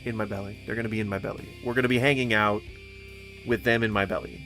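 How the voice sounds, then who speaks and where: A man giving casual let's-play commentary, goofy and rambling, with sing-song wordplay and sudden mock yelling. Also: on the low side, steady tone, quick pace, faint music behind. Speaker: gaming streamer.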